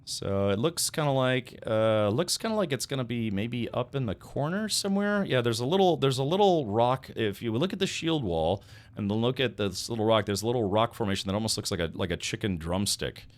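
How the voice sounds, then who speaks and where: A man's voice: mid-range voice, lively intonation, fairly quick. A man streaming a video game, chatting casually and rambling with many restarts and self-corrections. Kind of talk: casual gameplay chat.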